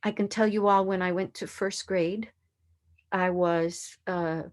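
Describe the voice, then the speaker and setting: A woman's voice: mid-range voice, steady tone, a little slow. Earnest older woman presenting to educators. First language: a language other than English. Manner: earnest, emphatic, poses rhetorical questions. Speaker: educator presenting a conference session. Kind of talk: conference presentation.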